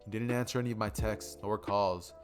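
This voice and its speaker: A man voicing a tired, gruff adult male teacher who talks in a low, quiet, matter-of-fact way over background music. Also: steady tone, brisk, close to an everyday voice. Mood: weary, steady.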